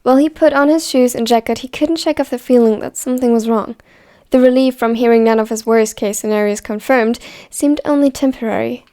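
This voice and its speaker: A woman narrating a fan story in an even, measured reading voice. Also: on the high side.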